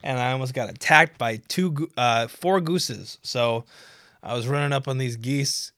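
A stoned man rambles through a casual podcast monologue, breaking into giggles mid-sentence and swearing freely. His voice sits at an ordinary middle pitch. The recording is dry and close, with no room sound. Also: moderate pace, sharp tone, dry recording. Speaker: podcast host.

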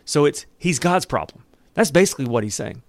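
A man's voice: fairly high pitch, brisk, no echo. Man casually teaching Scripture, dry sound. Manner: conversational and animated, with asides and restarts. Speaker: Bible teacher. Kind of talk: casual Bible devotional teaching.

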